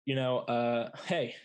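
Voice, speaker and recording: Young guy on a podcast, rambling story, lots of "like" and "you know", swears freely, middle pitch. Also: slow. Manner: rambling, heavy filler words, blunt and profane. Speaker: podcast host. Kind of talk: casual storytelling chat.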